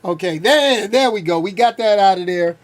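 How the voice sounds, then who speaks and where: A man's voice: high voice, normal speed, slight background noise. A man in his fifties hosting a casual vlog, ranting bluntly with slang and frequent laughs. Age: 50s. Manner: animated, blunt, laughs a lot, uses slang. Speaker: channel host.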